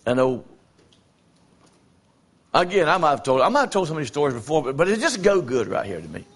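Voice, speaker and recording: A man preaching as an evangelist, telling folksy stories with halting fillers and repeated phrases. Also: a little high, big pitch swings, fairly bright tone. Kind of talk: sermon.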